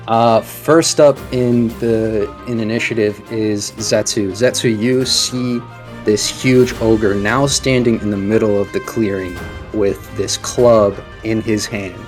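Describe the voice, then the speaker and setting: A man narrating as game master of a tabletop game, halting with many fillers and restarts. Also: on the low side, steady tone, faint music behind.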